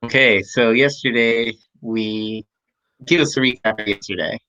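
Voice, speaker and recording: A man's voice: mid-range voice, measured pace, pushed and bright, no echo. A man leading a casual discussion stream in an easygoing way, asking his co-host the questions. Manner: easygoing, moderating, asks the questions. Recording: dull lo-fi sound over an unstable online call.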